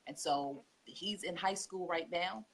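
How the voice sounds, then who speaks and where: A homeschooling mother, appearing as a guest on a podcast, shares heartfelt stories in an emotional interview, expressive and at times tearful. Her voice is husky and fairly low, and she speaks a little slowly.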